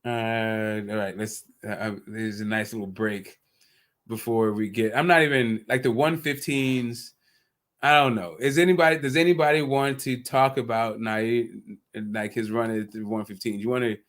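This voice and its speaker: A man's voice: lowish voice, steady tone, moderate pace, fairly bright tone. A man hosting a casual livestream chat about boxing, joking and swearing freely. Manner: joking, loose and profane. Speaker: podcast host.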